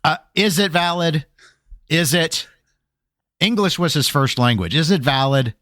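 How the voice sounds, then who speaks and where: A man's voice: a little high, unhurried, no echo, clean studio sound. A man co-hosting a casual gaming podcast, spinning a long tangent and acting out exasperated quotes. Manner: animated storyteller, acts out exasperated quotes. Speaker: podcast co-host.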